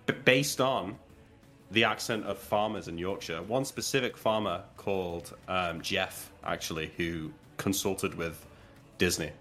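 A man with a fairly low voice holds court at a tabletop game, animated and laughing as he spins a playful lecture. Faint music sits under his casual chat. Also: unhurried. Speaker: player.

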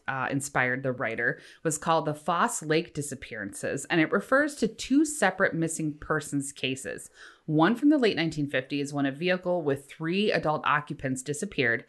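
Low-voiced woman co-hosting a chatty podcast. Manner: chatty, wry asides after reading facts. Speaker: podcast co-host. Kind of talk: casual chat, reading facts aloud.

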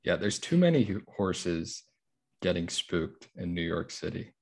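Male podcast co-host, very low voice, dry joking delivery. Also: sing-song, a little slow, darkish tone. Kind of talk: casual chat.

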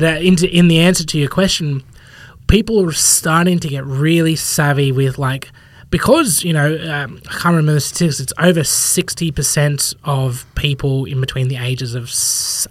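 In a casual conversational interview, a male fitness professional on a podcast rambles along, acting out people's imagined thoughts in quoted asides. His voice is fairly high and moderately paced, with no room sound.

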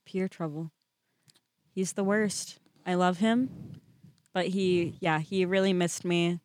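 A young woman, a guest in a casual chat, speaking with a deadpan, wry manner. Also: lowish voice, slow pace, no echo, studio quality.

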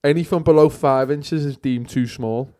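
A man's voice: a little high, moderate pace, mellow. A young man in casual chat among friends, trading crude jokes. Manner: crude joking banter.

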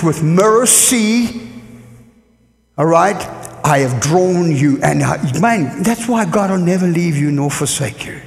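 A man preaching a lively sermon to a church congregation, leading call-and-response. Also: on the high side. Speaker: guest preacher. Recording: echoey church hall.

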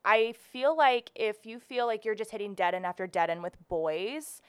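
A young woman chatting on a faith podcast, rambling easily with plenty of fillers. Her voice is smooth and clear, at a middling pitch, recorded dry and close. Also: expressive, moderate pace, no room sound. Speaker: podcast co-host. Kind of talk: casual chat.

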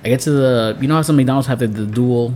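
A man co-hosting a podcast, telling stories in an animated casual way with frequent laughter. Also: mid-range voice, fast, slight background noise. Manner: animated storyteller, laughing often. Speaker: podcast co-host. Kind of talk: casual chat.

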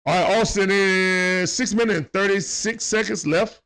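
A man's voice: high-pitched, normal speed, a bit bright, smooth. A man doing casual play-by-play commentary on a live stream. He talks in slang, greets viewers by name, and speaks into a phone.

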